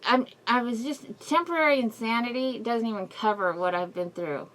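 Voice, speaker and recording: A woman's voice: a little high, normal speed, hardly any pauses, a bit bright. A middle-aged woman giving a casual personal update to her viewers, telling a rambling, emotional story with frequent laughs and sighs, speaking through a face mask. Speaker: vlogger.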